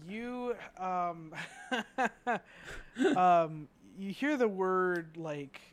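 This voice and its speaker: A man's voice: high voice, animated, very slow. A young man hosting a podcast, talking casually and hesitantly with many ums and restarts. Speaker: podcast host. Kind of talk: casual emotional conversation.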